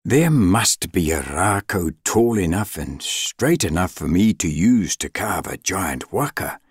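A man's voice: deep voice, very animated, measured pace, slightly rough, no room sound, clean studio sound, heavily acted. A man voicing an earnest, determined young man who is chopping down a giant tree in a storybook legend.

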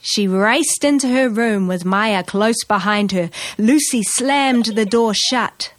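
A woman reading a children's picture book aloud, slow, clear and expressive. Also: fairly high pitch, noisy background. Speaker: narrator.

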